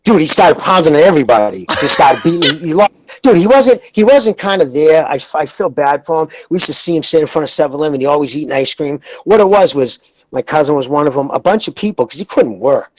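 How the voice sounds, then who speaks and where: A man, hosting a podcast and telling rambling, profane stories in a casual, animated way. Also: fairly high pitch, fast, poor audio. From Lowell, Massachusetts. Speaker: podcast host. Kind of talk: casual chat, storytelling.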